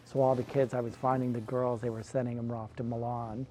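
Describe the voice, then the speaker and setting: A man's voice: medium pitch, level tone, a little fast, mellow, faint music behind. A man from California, a guest telling long rambling stories in a casual interview, leaning on "like" as he goes. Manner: rambling anecdotes with frequent "like". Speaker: guest, photographer.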